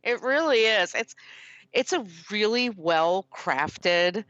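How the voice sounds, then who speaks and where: A woman's voice: mid-range voice, animated, slow, a bit bright, no room sound, lo-fi sound. A woman co-hosting a podcast, telling stories about an old movie in casual, enthusiastic chat with some swearing. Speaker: podcast co-host.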